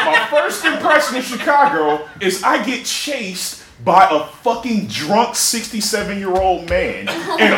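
A young man telling a profane, self-mocking comic story to a live audience. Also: a little high. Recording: echoey room with clear noise.

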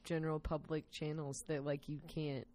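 Podcast host, casual and teasing, talks loosely and hunts for the right word mid-sentence. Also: male voice, fairly high pitch, normal speed, slight background noise. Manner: relaxed, teasing, searches for words. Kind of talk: casual chat.

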